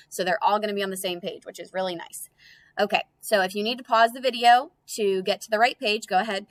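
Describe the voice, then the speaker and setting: A woman teacher giving a recorded phonics lesson to young children, in a bright, encouraging, sing-song voice that stretches out words. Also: medium pitch. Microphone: computer.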